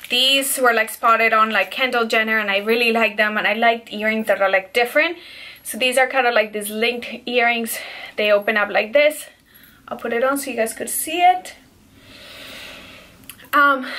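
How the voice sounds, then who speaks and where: A woman's voice: on the high side, bright, forceful tone. A young woman, slightly out of breath, chatting casually and enthusiastically to viewers at home about products she bought. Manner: chatty and gushing, addresses viewers as "you guys". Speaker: beauty and lifestyle vlogger. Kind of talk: casual product haul chat.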